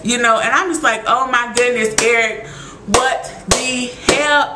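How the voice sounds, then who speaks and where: A woman recapping a TV episode in casual chat, animated and exclaiming as she acts out her own reactions. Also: a little high, measured pace, echoey room, background noise.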